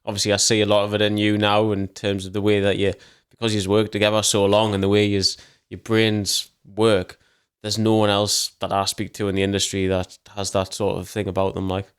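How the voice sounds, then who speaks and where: A man guest on a podcast, chatting casually and reacting quietly to stories. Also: fairly low pitch, completely flat delivery, fairly quick, clean tone. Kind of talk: casual chat.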